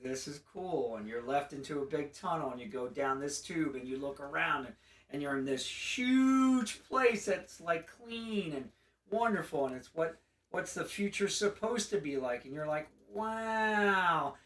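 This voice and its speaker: A man co-hosting a casual gaming chat, recapping a game with animated storytelling and funny put-on character voices. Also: fairly high pitch, normal speed, reverberant, far from the mic. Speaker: podcast co-host.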